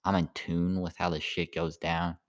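A sleepy man rambling through a halting stand-up style monologue full of "like" fillers. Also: sits low, level tone.

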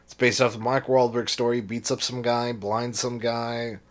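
A man at an average pitch jokes his way through crude podcast banter as co-host. He riffs on the others in a studio, with a playful, goofing manner. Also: level tone, normal speed. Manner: joking, drops silly put-on voices.

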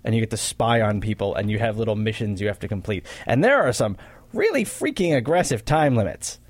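A man co-hosting a casual gaming podcast, talking in a relaxed, slightly wry way. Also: on the low side, brisk, dry recording. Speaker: podcast co-host.

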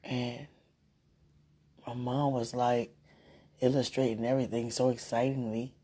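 A woman's voice: extremely low pitch, level tone, unhurried, dark tone, breathy edge. A woman leaving a tender, teasing phone message for her partner, with the phone held close to her mouth. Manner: tender, sweet-talking, teasing.

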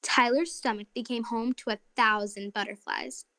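A woman narrating a children's story and hosting a short segment, in an expressive, friendly way. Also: a little high, moderate pace, gravelly, no room sound, studio quality.

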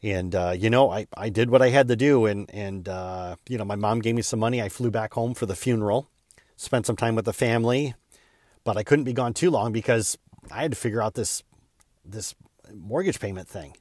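A man's voice: on the low side, brisk, darkish tone, dry recording, clean studio sound. Earnest man hosting a solo podcast. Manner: earnest, candid, with small stumbles and repeats. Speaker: podcast host.

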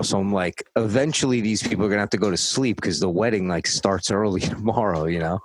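Man storyteller, low register, dry mic, profane deadpan anecdote with voiced quotes. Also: fast, hardly any pauses, dry recording, rough recording. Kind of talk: casual anecdote.

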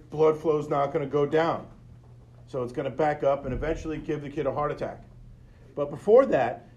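A man's voice: on the high side, a little mellow, dull audio. A middle-aged man hosting a podcast, telling a personal story in an earnest, conversational way and speaking straight to his listeners. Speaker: podcast host.

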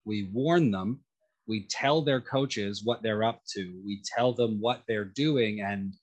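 Man, fairly low voice, casual chat, many short acknowledgements. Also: slow. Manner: gives frequent short acknowledgements, then speaks at length. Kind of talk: casual conversation.

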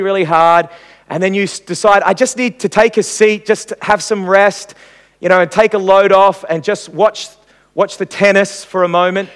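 A man teaching a church class in sermon style, animated and acting out everyday examples. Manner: animated, acts out examples with rising pitch. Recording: long reverb in a hall.

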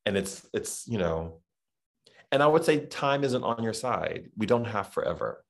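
A man's voice: fairly low pitch, lively intonation, moderate pace, vocal fry. A middle-aged man from Texas with a Southern accent, talking as a podcast guest in a reflective, rambling way with many restarts. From Texas, USA. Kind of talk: casual interview chat.

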